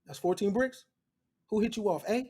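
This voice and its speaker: A man voicing a streetwise male master who coaxes a departing servant in heavy slang, then flatly refuses to let him go. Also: extremely high pitch, normal speed. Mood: coaxing.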